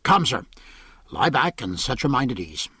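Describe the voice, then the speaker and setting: A man voicing a genial, talkative male ship's surgeon who lectures as he works, in a husky, rather low voice. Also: very animated, normal speed, bright, forceful tone, dry recording, clean studio sound, full character voice. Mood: coaxing. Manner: genial, lecturing, fond of snuff. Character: chatty middle-aged male ship's surgeon.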